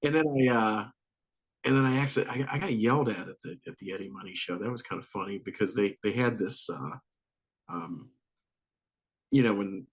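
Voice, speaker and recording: A middle-aged musician from Northeast Ohio, appearing as a guest, tells casual stories in a lowish, husky voice with vocal fry, talking a little fast. His anecdotes are animated, with acted-out quotes and frequent laughter.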